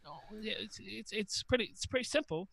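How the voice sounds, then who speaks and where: A man's voice: high voice, animated, brisk, gravelly, fairly bright tone, no room sound, heavily acted. A man improvising a brash, scheming young New Zealander with a put-on New Zealand accent, stammering and trading insults. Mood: blustery. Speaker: podcast co-host. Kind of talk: improvised comedy role-play.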